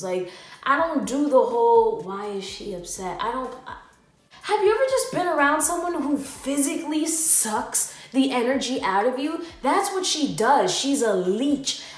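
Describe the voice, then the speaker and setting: Animated young woman telling a story. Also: high-pitched, roomy sound. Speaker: travel vlogger. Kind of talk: storytime vlog.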